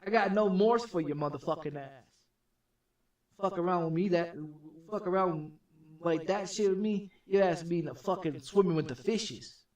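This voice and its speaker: A man streaming from his home gaming setup, telling a story in a rambling, profane, repetitive way that turns loud and heated. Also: sits high, normal speed. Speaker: game streamer. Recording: echoey room, distant from the mic.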